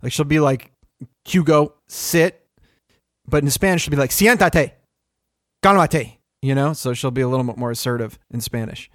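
A man's voice: mid-range voice, quick pace, hardly any pauses, dry recording, clean studio sound. A man in casual podcast chat, telling rambling stories full of swearing. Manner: rambling, profane, animated storytelling.

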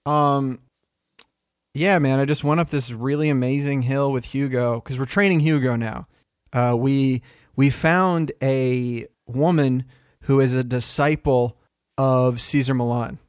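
A man's voice: medium pitch, unhurried, clean tone, no room sound, studio quality. A man in casual podcast chat, telling rambling stories full of swearing. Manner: rambling, profane, animated storytelling.

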